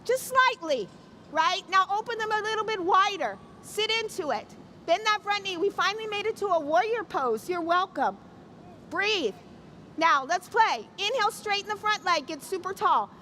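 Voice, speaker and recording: A woman's voice: extremely high pitch, expressive, moderate pace, sharp tone, a little hiss or hum. A middle-aged woman teaching an outdoor yoga class, giving playful, encouraging cues and jokes. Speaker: yoga instructor. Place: outdoor city square event.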